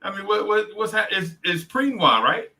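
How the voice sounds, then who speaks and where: Bright, teasing man with bouncy pitch. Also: very animated, normal speed. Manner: teasing, repetitive, joking. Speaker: podcast co-host. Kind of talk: casual sports chat.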